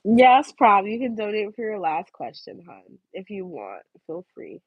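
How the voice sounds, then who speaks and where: A woman's voice: medium pitch, big pitch swings, measured pace, slightly rough, no echo. A young woman from Philadelphia hosting a tarot livestream, chatting casually and telling a story with lots of laughter. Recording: dull lo-fi stream audio.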